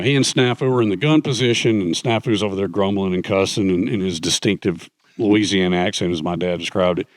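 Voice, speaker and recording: Middle-aged male guest, low voice, dry close mic, lively anecdotal storyteller. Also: dry recording. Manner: animated, acts out quoted voices. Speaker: guest speaker, author. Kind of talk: conversational storytelling.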